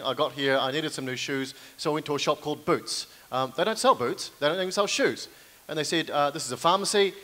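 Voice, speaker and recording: New Zealand man doing stand-up comedy. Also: on the high side. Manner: self-deprecating, deadpan asides to the audience. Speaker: comedian and card manipulation performer. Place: live venue stage with audience.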